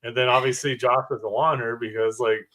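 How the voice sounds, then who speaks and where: A man co-hosting a podcast, recapping a movie in relaxed, casual chat. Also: medium pitch, moderate pace. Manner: relaxed, agreeing interjections. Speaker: podcast co-host.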